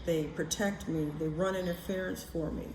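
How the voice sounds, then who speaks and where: A woman vlogging in a casual, animated chatty way, swearing now and then. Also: lowish voice, normal speed, roomy sound, background noise. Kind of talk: casual chat to camera.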